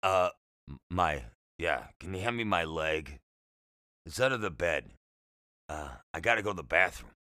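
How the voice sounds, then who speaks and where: A man voicing a gruff old sailor in a hospital ward, with a raspy, slurred voice. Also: low voice, lively intonation, normal speed, pauses often, bright, forceful tone, no room sound, studio quality, voice pushed down.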